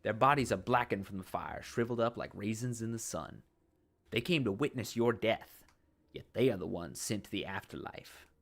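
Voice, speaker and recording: A man with a fairly low, creaky voice reads a text adventure game at a moderate pace. His narration is dramatic and in a put-on accent, broken up by casual asides to the people watching.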